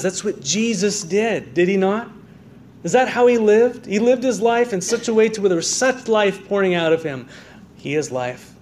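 A man's voice: sits high, darkish tone, slight background noise. A man preaching a sermon as pastor, with an American accent, earnest and full of rhetorical questions and restarts. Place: church sanctuary.

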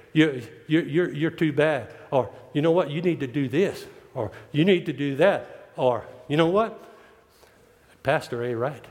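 Male preacher, high-pitched, folksy and joking, reverberant church hall. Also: darkish tone. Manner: folksy, joking, plain-spoken with drawn-out emphatic lines. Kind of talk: sermon.

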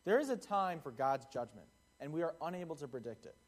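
Young male preacher, slightly higher voice, relaxed chatty sermon delivery. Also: brisk. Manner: conversational, acts out quotes in the parable. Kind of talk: casual sermon.

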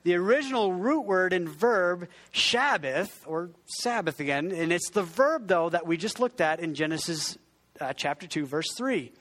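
A man's voice: sits high, animated, normal speed, fairly bright tone. Conversational man preaching a sermon. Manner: conversational, self-deprecating, frequent restarts; has the congregation repeat words. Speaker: pastor.

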